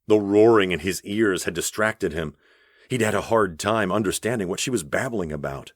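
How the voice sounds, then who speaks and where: A man narrating an audiobook in a measured, even storytelling voice on a close studio mic. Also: deep voice, dry recording. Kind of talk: scripted narration.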